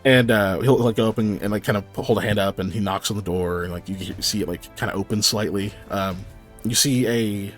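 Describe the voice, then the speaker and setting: A man narrating as game master for a tabletop game, halting with many ums and likes. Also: fairly low pitch, fairly even intonation, a bit bright. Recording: faint background music.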